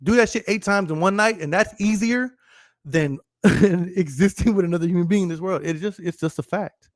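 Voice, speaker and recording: A man's voice: high voice, moderate pace, no echo. Brash, swearing man in his thirties. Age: 30s. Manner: profane, emphatic, laughs often. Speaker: podcast host. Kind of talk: casual livestream monologue.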